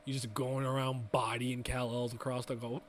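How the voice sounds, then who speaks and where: A man's voice: mid-range voice, level tone, moderate pace, a little hiss or hum. A young man co-hosting a casual podcast, rambling through restarts and swearing freely as he chats. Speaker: podcast co-host. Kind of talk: casual chat.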